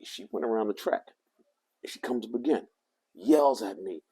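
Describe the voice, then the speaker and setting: An older man telling a rambling, animated story to the camera. He often corrects himself as he talks. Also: medium pitch, normal speed, breathy edge. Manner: animated, meandering, self-correcting. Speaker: vlogger.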